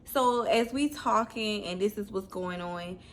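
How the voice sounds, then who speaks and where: A woman tells a personal story straight to camera in a casual vlog. She speaks at a middle pitch and is blunt and candid. Her telling is animated and unfiltered. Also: measured pace, slight background noise.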